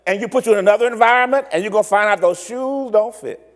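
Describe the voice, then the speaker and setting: A man preaching a sermon. His voice sits high for a man, and the long reverb of a big hall rings behind him. He stumbles and restarts often and acts out little dialogues as he goes. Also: fast. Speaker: pastor.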